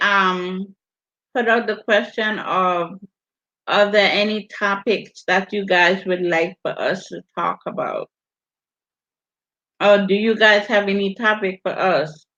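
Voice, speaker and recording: A woman's voice: medium pitch, fairly bright tone. A woman from the Virgin Islands with a Virgin Islands accent, hosting a casual livestream and chatting while she reads viewer comments. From US Virgin Islands (St. Thomas). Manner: unhurried, drawn-out delivery while reading viewer comments. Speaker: livestream host. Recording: dull lo-fi stream audio.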